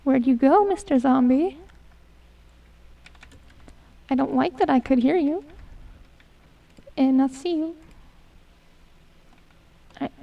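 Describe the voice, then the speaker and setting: A woman's voice: high-pitched, gravelly, lo-fi sound. A young woman streaming a game, chatting to herself and her chat, muttering and humming as she plays. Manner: chatty self-talk, hums and mutters while playing. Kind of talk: casual gameplay commentary. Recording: voice a bit distant from the mic.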